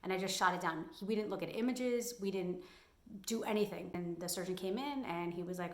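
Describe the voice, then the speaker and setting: A woman's voice: on the low side, quick pace, gravelly, roomy sound. A young adult woman giving candid, emphatic advice in a personal vlog. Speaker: vlogger.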